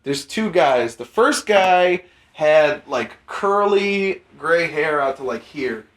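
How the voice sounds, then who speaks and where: A young man hosting a podcast, telling a rambling, profane story in casual chat and jumping into animated quoted voices. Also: a little high, takes it slowly. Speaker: podcast host. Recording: roomy echo.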